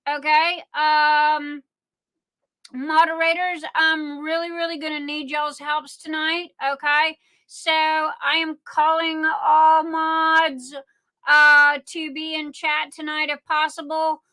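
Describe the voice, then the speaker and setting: A middle-aged woman with a Southern US accent chats her way through a live craft show, drawling slowly and leaning on fillers. Her voice sits high and sounds bright and sharp. She rambles loosely from one item to the next. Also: little pitch movement. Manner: rambling, chatty, many fillers. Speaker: livestream host selling crafts. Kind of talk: casual live-stream chat.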